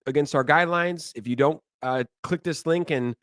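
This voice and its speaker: A man's voice: a little high, normal speed, a bit bright, no echo, clean studio sound. A man in his thirties hosting a casual crypto talk show, emphatic and repeating words for stress. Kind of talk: casual podcast chat.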